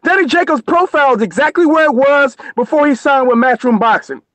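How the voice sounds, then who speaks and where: A man's voice: very high-pitched, brisk, fairly bright tone, dry recording. An American man co-hosting a boxing live stream, ranting angrily and cursing nonstop. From United States. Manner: profane, angry, ranting. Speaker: co-host on a boxing show. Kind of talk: heated live-stream rant.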